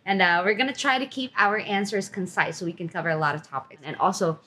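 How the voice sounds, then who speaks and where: A woman co-hosting a podcast in casual chat with her best friend, animated and teasing, often laughing. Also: medium pitch, fast talker. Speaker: podcast co-host.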